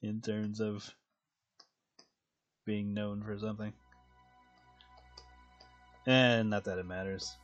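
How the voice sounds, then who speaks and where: A man's voice: on the low side, level tone, slow, long pauses, a bit bright, faint music behind. A man chatting casually while drawing on a stream, rambling, laughing often and swearing. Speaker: streaming artist.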